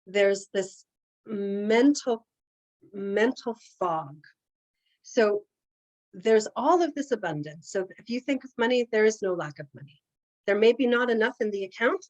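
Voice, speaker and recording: A woman speaking from home, leading a live energy healing session in an informal, hesitant way with frequent fillers and pauses. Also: medium pitch. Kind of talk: guided healing session talk.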